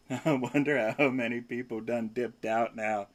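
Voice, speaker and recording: A laid-back man hosting a casual home livestream, chatting and cooing at his pet in baby talk. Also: medium pitch. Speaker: livestream host. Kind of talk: casual chat.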